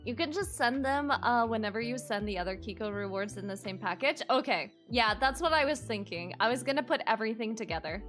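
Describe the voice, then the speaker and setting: A young woman streamer chatting casually with her viewers, excitable and quick to squeal minced oaths. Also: fairly high pitch, faint music behind. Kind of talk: casual live-stream chat.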